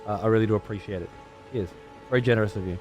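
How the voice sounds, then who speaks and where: A man's voice: lowish voice, racing, darkish tone, highs cut off, faint music behind. A man streaming a game live, rambling, swearing a lot and chatting to his viewers. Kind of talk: live gameplay commentary.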